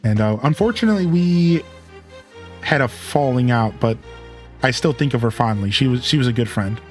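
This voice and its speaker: A man in his thirties, working as a live streamer and show host, chats casually while playing a game. His medium-pitched voice has lively intonation at a normal speed, with faint music in the background. He tells rambling, candid stories full of restarts.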